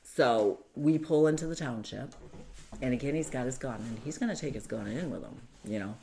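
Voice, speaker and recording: A woman giving emotional personal testimony as an interview guest, in a halting, urgent way with a steady stream of "you know". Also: very deep voice, gravelly. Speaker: interview guest telling her own story.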